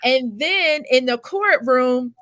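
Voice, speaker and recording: A woman's voice: high-pitched, animated, takes it slowly, pushed and bright, no echo. A woman hosting an interview, asking eager, probing questions. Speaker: host.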